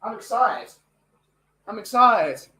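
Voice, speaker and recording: A chirpy man with a thick Birmingham accent chats brightly and cheerfully, as a man puts on a deliberately bad impression. His voice sits high and bright. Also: big pitch swings, reverberant, heavily acted. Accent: Birmingham, put on. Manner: chirpy, upbeat small talk.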